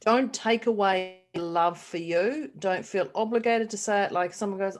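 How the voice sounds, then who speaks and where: A woman's voice: mid-range voice, measured pace. Middle-aged aussie woman chatting on a podcast, tells stories and laughs a lot. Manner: animated storyteller, acts out quoted voices, laughs often. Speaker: podcast co-host. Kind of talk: casual chat.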